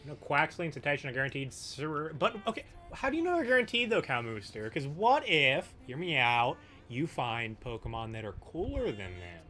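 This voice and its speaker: A young man co-hosts a game stream, teasing and laughing through casual chat. His voice is bright and forward in tone, and his pitch swings up and down in an animated way. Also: normal speed, hardly any pauses. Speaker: co-host playing a game.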